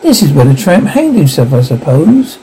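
A man reading the lines of a bold, mocking male ghost-hunter in a storybook, in a brisk, teasing manner. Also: fairly high pitch, big pitch swings, mellow, a little hiss or hum, low-quality recording.

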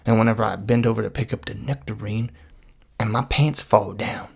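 Guy with a gravelly creaky voice, rambling deadpan story, lots of you know. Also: fairly low pitch, fairly quick. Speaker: vlogger.

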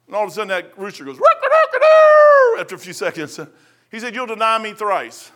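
Animated high-voiced preacher. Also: male voice, fast. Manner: animated, acts out voices in anecdotes. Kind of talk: folksy sermon storytelling.

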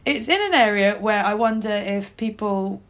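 A woman's voice: medium pitch, normal speed. A woman co-hosting a podcast, bantering and retelling news stories. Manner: bantering, animated storytelling. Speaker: podcast co-host. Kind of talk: casual chat.

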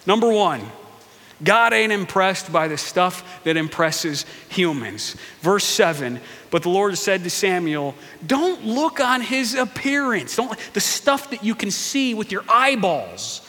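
A man preaching a sermon, retelling a story with lively asides and playful voices for its characters. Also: high-pitched, unhurried. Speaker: pastor. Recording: long hall reverb.

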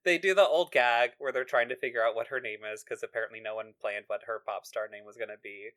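A woman's voice: a bass voice, fairly even intonation, fast, a bit bright. Woman co-host, casual recap chat, laughs through her retelling. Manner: giggly, laughs often while retelling scenes. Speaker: podcast co-host.

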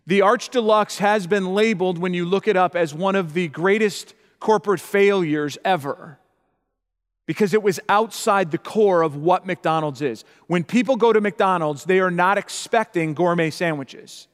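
A man's voice: high-pitched, normal speed. A middle-aged man preaching as a pastor, who often checks in with his listeners and repeats his points. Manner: repeats himself, asks the audience "okay?". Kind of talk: sermon. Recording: long hall reverb.

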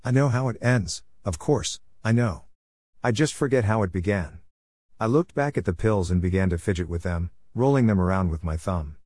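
A man with a low voice reads a first-person story in an earnest, reflective way. The recording is dry and close, without room echo. He tells it steadily as a storyteller. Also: normal speed, a little mellow. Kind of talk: scripted first-person narration.

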